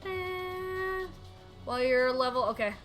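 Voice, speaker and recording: A young woman streaming a game, reacting with excitable, squealing exclamations and reading the dialogue aloud. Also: high voice, unhurried, faint music behind, low-quality recording.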